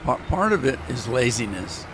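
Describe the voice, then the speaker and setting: A man's voice: mid-range voice, sing-song, moderate pace, background noise. A man casually talking through a farming game on a live stream, joking with his chat. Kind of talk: casual gameplay commentary.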